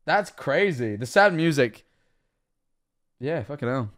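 A man's voice: on the high side, very animated, takes it slowly, a bit bright. A man streaming, giving casual reaction commentary, chatty and laughing often, with plenty of swearing.

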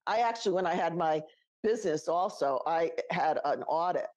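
A woman's voice: fairly low pitch, expressive, normal speed, darkish tone, no echo. A middle-aged woman co-hosting a podcast, telling a personal story in a casual, chatty way and laughing often. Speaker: podcast co-host.

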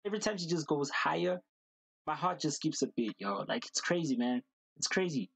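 A man hosting a reaction video, talking casually and excitedly, gushing and repeating slang fillers. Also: fairly high pitch, fairly quick, vocal fry, slightly rough, no echo, poor audio.

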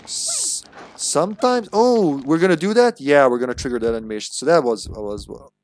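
Excitable swearing man streaming a game. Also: fairly high pitch, moderate pace, faint music behind. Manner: jokey, laughs often. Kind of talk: live gameplay commentary.

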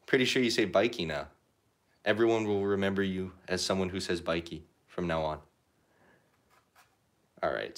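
Man, young, slightly low pitch, rambling, jokey, casual stream talk. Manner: rambling, joking, lots of fillers. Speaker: art livestreamer. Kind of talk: casual livestream chat while painting.

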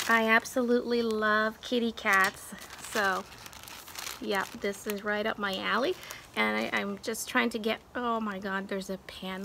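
A woman vlogging from home with a slightly high voice that has a gravelly rasp. She chats and gushes with lots of fillers. The crinkle of packaging and steady noise sit behind her. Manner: chatty and gushing, with many fillers. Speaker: craft vlogger. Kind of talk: casual show-and-tell chat.

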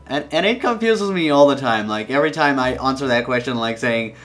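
A man's voice: mid-range voice, lively intonation, a little fast, hardly any pauses, fairly bright tone, faint music behind. Rambling young man commentating gameplay. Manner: rambling and playful, many restarts and repeated words. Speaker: gaming channel host.

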